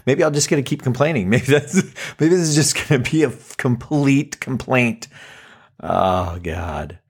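Husky, dramatic man in his forties. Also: medium pitch. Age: 40s. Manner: animated, dramatic, self-mocking, swings into acted quotes. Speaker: podcast host. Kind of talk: casual monologue.

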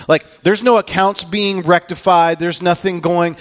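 A man preaching a casual, storytelling sermon, acting out scenes and dropping into hushed tones for weight. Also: high-pitched, fairly even intonation, a little slow, hardly any pauses. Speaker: pastor.

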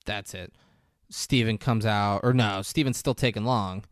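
A man's voice: fairly low pitch, unhurried, no echo. Guy recapping a movie for laughs, does all the voices, swears a lot, dry close mic. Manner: animated storytelling, jumps into voices for the characters; profane and blunt when joking. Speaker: podcast host recapping a movie. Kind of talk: casual comedic movie recap.

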